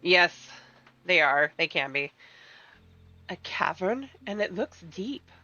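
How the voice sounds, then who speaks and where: A woman's voice: fairly low pitch, animated, slow, pushed and bright. A woman streamer talks casually through her game session, laughing easily and reading on-screen lines aloud. Her audio sounds dull and lo-fi. Faint game music runs behind her. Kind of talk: casual gaming chat.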